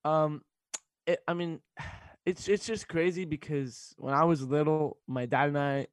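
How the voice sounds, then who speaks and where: Teen male radio host, higher voice, emotional and halting, dry studio sound. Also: fairly even intonation, no echo. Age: teens. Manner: fighting back tears, halting and laughing. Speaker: student radio host, sports director. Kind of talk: emotional casual chat on radio.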